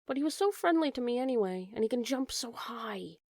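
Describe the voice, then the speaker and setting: A woman's voice: a little high, animated, brisk, darkish tone, dry recording. A woman voicing a curious, polite young male fawn who speaks eagerly and with wonder, in a dry-sounding storybook reading.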